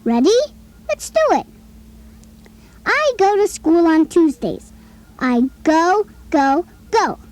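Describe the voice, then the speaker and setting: A chirpy little boy toy pal on a children's play-along tape, with a very high voice that bounces all over. He talks slowly and carefully, coaxing the listener along with friendly questions. Soft music plays faintly underneath. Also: very animated, full character voice. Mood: cheerful. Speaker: talking toy companion.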